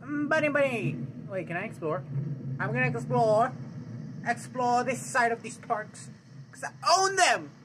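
A man with a very high voice hosts a let's play, swinging his pitch wildly as he yelps, jokes and throws mock-dramatic outbursts at a horror game. The recording carries a clear layer of background hiss. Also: animated, unhurried. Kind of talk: excitable gameplay commentary.

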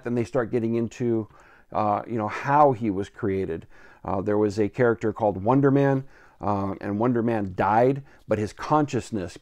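An earnest man shares a personal memory with his viewers at an ordinary middle pitch. He talks slowly and from the heart, with frequent pauses, ums and uhs. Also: a little mellow, no room sound. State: choked up, near tears. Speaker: comic book video host. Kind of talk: personal storytelling to camera.

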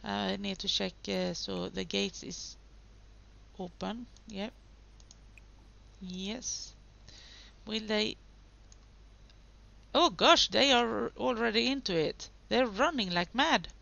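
Woman narrating her game slowly, kinda gravelly, talks to the characters, dull lo-fi mic. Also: medium pitch, fairly bright tone. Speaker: gaming video host. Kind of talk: casual gameplay commentary.

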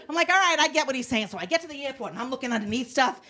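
A woman's voice: high voice, lively intonation, rapid-fire, few pauses, bright, forceful tone. A woman comedian doing a brash, self-mocking stand-up routine in a small studio, teasing the audience. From United States.

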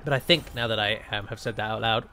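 His lowish voice is bright and forceful, steady in tone and fast, with a little hiss or hum in the audio. The English gameplay commentator rambles wryly and chattily through a strategy game let's-play.

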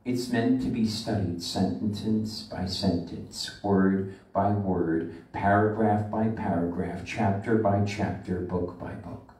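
A man, a rabbi, delivering a sermon with emphatic preaching that slows and swells on scripture, recorded in a synagogue sanctuary. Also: fairly low pitch, fairly even intonation, darkish tone. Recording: echoey room from far off the mic.

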